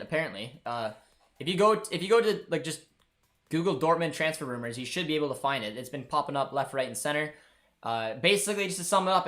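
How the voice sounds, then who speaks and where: A man's voice: on the high side, a bit bright. A man hosting a live football watchalong stream, chatting casually and rambling to his viewers and producer. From Canada. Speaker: host. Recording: faint music behind.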